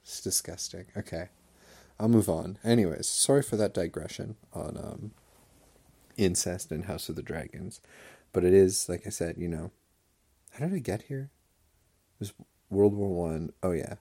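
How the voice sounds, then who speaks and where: Deep gravelly man ranting sarcastically. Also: moderate pace, long pauses, dark tone. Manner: rambling, sarcastic, digressive. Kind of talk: comedic rant monologue.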